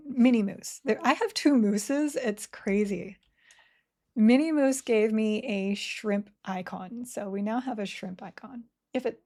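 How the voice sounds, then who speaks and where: Her voice sits on the high side with a dark tone as this woman streams an online game. Chatty and quick to laugh, she reads viewers' messages aloud, speaking slowly with words that run together.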